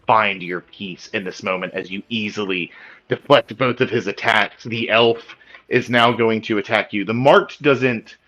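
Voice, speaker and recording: A man's voice: on the low side, pushed and bright, lo-fi sound, slight background noise. A man narrating as game master of a tabletop game, with a loose descriptive style full of "like" fillers.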